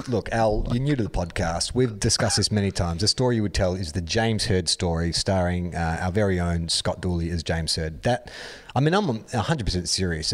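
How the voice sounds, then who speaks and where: Aussie guy reading mail on a footy pod, kinda low voice, keeps cracking up. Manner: laughs often, reads letters aloud playfully. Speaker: podcast co-host reading listener mail. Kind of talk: casual chat.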